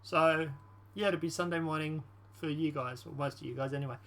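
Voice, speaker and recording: A man's voice: on the high side, brisk, very noisy. A man casually commenting on politics in a rambling, slangy vlog. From Australia. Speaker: channel host.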